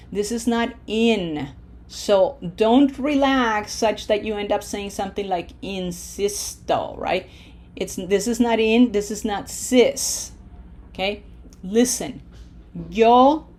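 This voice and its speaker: A woman teaching a slide-based Spanish lesson, modeling words slowly and clearly and checking in with "okay?". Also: mid-range voice, slight background noise. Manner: slow, deliberate, drawls out Spanish models loudly for repetition, checks in with "okay?".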